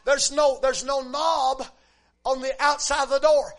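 A man preaching a sermon, moving between relaxed storytelling and shouted, drawn-out exhortation, dropping in frequent amens. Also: very high voice.

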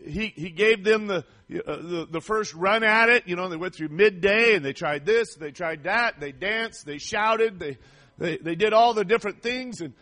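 A man preaching a fervent sermon, reading scripture and rising to shouts of praise. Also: sits high, normal speed.

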